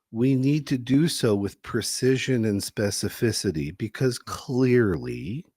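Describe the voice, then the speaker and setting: A man who hosts a podcast and works as a couples therapist, telling a case story in a conversational, animated way. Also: medium pitch, husky, dry recording, clean studio sound. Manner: animated, laughing easily.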